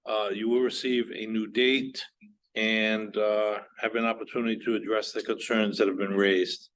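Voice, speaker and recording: A man chairing a council meeting, running votes and swearing in witnesses in a brisk, procedural manner. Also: fairly low pitch, level tone, a bit bright, poor audio. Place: government conference room.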